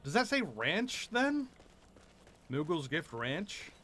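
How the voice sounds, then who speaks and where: A man's voice: a little high, big pitch swings, takes it slowly, sharp tone, soft background music. A man streaming a game, musing and chatting casually, often trailing off mid-thought.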